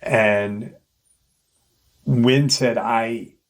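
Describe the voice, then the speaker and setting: Slowly and in a steady tone, a man with a mid-range voice retells an eerie encounter on his channel. He rambles in a casual way and acts out the quoted voices.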